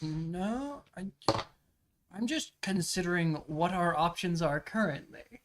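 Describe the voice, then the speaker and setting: A man's voice: sits high, expressive, takes it slowly, fairly bright tone. A man playing in a tabletop game, wry and thoughtful. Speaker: player. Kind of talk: casual tabletop game chat.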